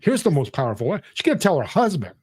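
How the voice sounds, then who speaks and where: This middle-aged man's voice is fairly high, husky and darkish, with big pitch swings and a fast pace. As a podcast guest, he tells a personal story conversationally, earnest and motivational, acting out the people he quotes.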